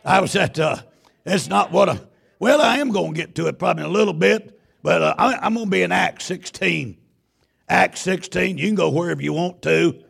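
Loud gravelly preacher. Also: male voice, sits high, fairly quick. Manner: loud, folksy, stammering restarts. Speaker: Baptist pastor. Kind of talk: sermon with storytelling. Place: church.

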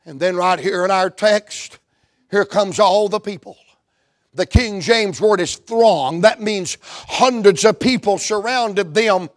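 A man with a Southern US accent preaching a fervent revival sermon in a church, moving from hushed talk to shouts. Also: high voice, takes it slowly, no echo, studio quality.

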